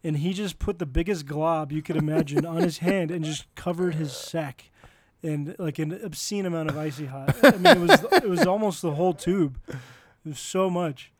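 A young man co-hosting a podcast tells stories in a relaxed, casual way and swears freely. His voice is on the high side, at a moderate pace.

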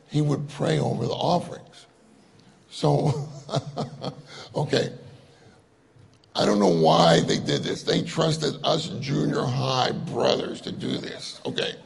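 A man's voice: a little high, gravelly. A middle-aged man preaching a sermon, telling stories in a jovial way and laughing often. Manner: storytelling, jovial with frequent laughter.

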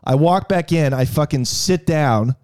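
A man's voice: fairly high pitch, a little slow, a little mellow. A man telling a crude comic story on a podcast, ranting with lots of swearing and stammered restarts.

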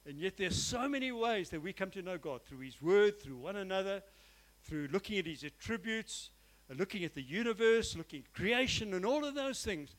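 A man preaches to his church, his voice sitting notably high for a man. He sounds earnest and emphatic, leaning into repeated phrases and addressing the congregation directly. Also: expressive, normal speed, a bit bright, low-quality recording. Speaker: pastor. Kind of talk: sermon.

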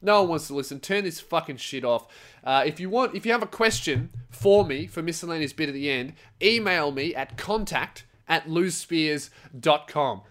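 A young man with a slightly high voice talks straight to his listeners in a loose, rambling podcast monologue. He swears constantly and jumps between anecdotes and advice with animated comic energy. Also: normal speed. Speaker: podcast host, comedian. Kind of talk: casual solo podcast monologue.

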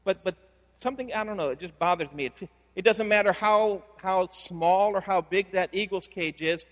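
Male pastor, high voice, storytelling sermon with stop-start restarts, big reverberant church hall. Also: muffled recording. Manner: conversational storytelling with repeated word restarts; rises to slow, emphatic preaching.

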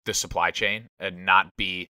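A man's voice: sits low, level tone, unhurried, sharp tone, clean tone, dry recording, clean studio sound. A young man in casual podcast chat, musing and self-deprecating.

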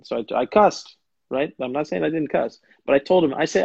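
A man in his thirties hosts a show and spins a casual story, acting out other people's lines and often restarting his sentences. His voice sits a little high for a man. The sound is dry and a bit dull, like a lo-fi stream. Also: a little fast, vocal fry, slightly rough, dry recording. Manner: animated, acts out quotes, restarts sentences. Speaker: show host and former pro soccer player.

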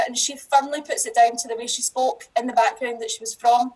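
A middle-aged Scottish woman with a high voice talks in a relaxed, chatty way as a podcast guest. She often breaks off and restarts her sentences and laughs easily along the way. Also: a little fast, slightly rough, poor audio. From Scotland. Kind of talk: casual podcast interview.

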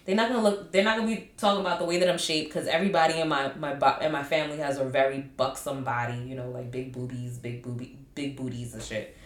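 Lively ranting woman in an echoey room. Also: very deep voice, fast. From Haitian family. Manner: animated, ranting with laughter. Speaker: podcast co-host. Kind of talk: casual chat.

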